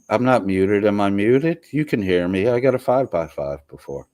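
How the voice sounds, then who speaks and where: A man's voice: fairly low pitch, lively intonation, normal speed, hardly any pauses, darkish tone, no room sound. A man from the US East Coast hosting a casual livestream and reading chat comments aloud. He is congested with a sore throat and talks in a profane, rambling way. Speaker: livestream host.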